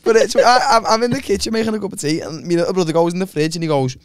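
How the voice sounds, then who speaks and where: Animated young man. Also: sits high, rapid-fire, clear, resonant tone. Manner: animated storyteller, swearing. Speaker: podcast co-host. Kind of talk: casual banter.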